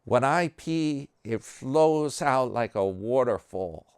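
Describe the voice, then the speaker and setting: A man's voice: medium pitch, animated, slow pace, a little mellow, clean tone, no room sound, studio quality, pitched above the performer's own voice. A man voicing a boastful old man who brags about his health, told in a raised, sing-song way.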